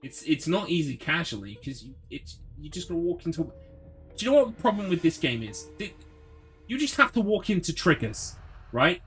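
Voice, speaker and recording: A man's voice: fairly high pitch, sing-song, normal speed, fairly bright tone, breathy edge, soft background music. A young man streaming a horror game, ranting sarcastically and swearing as he gets frustrated. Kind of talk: live gameplay commentary.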